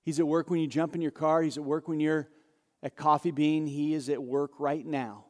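A man preaching a sermon, telling the story in an animated, conversational way and acting out the dialogue. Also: on the high side, moderate pace. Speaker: pastor. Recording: long hall reverb.

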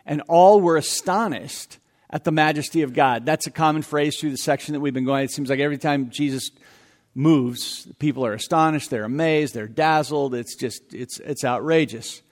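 A man preaching a sermon as pastor, conversational and animated, with self-deprecating asides. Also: fairly high pitch, moderate pace, in a large hall.

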